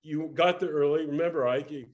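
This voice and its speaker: Fairly high-pitched and slightly quick, this older man's voice comes through lo-fi audio with a crowd audible behind him. As an interview guest, he animatedly recounts a career anecdote, mimicking quoted voices and restarting many times.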